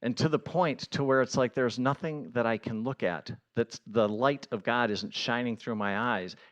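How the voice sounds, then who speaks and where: A man giving a conversational sermon as a pastor, earnest and building to excited emphasis. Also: mid-range voice, normal speed.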